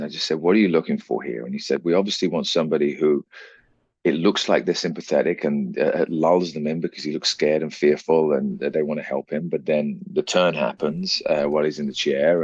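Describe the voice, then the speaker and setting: A British actor talking as an interview guest, explaining his craft at length in a relaxed, reflective way. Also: a bass voice, breathy edge, dry recording, highs cut off. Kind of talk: casual interview chat.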